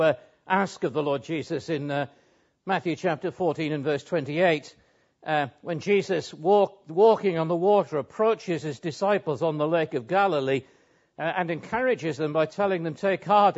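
A man's voice: fairly high pitch, darkish tone. A man preaching an expository sermon in an earnest, emphatic way, pressing key words with rising and falling emphasis. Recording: dull lo-fi sound.

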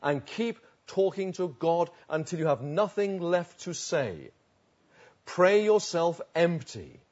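A man's voice: a little high, animated, unhurried, darkish tone, highs cut off. A man preaching a sermon in an earnest, emphatic way, repeating phrases for stress. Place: outdoors.

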